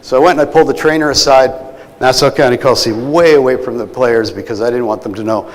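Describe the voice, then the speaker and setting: A man's voice: medium pitch, fast talker. A middle-aged man candidly telling an emotional personal story to an audience, often checking in with "right?". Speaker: keynote speaker. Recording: long hall reverb.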